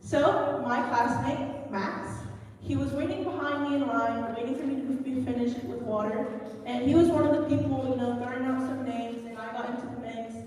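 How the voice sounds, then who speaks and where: High-voiced woman in an echoey church. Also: fairly even intonation, darkish tone. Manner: earnest, emotional, halting. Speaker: children's story speaker. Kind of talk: church children's story testimony. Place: church sanctuary. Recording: echoey church hall from far off.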